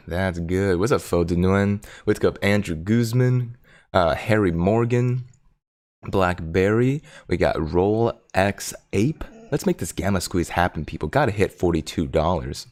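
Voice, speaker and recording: A man with a very deep, gravelly voice hosts a casual livestream from his home desk. He chats loosely, reads viewer comments aloud and breaks off now and then to talk to his dog. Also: measured pace, a little mellow. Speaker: stock market livestream host. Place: home desk in Silicon Valley.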